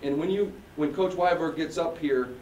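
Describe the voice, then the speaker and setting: A man's voice: on the high side, normal speed, darkish tone, a little hiss or hum. A man, an athletic director, giving a folksy press-conference speech full of thank-yous. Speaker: athletic director introducing a coach. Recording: roomy echo, voice from far off.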